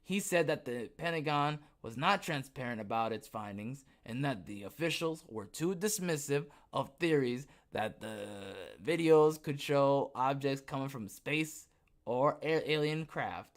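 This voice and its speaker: A young adult man hosts a podcast in a mid-range voice, reading the news a little slowly with lively intonation. He keeps breaking off for sarcastic asides, and his talk is full of fillers and restarts.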